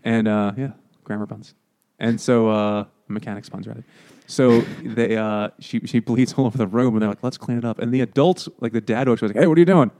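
A man's voice: on the low side, little pitch movement, warm tone. A man on a casual podcast, joking and trading puns while talking about a book. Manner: joking, quick asides and puns. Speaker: podcast co-host. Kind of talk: casual chat.

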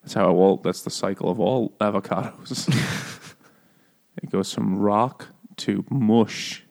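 A man's voice: on the low side, takes it slowly, vocal fry. A man co-hosting a casual book chat, joking and laughing often as he acts out the characters' lines. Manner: jokey, laughing often, animated quoting of characters. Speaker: podcast co-host.

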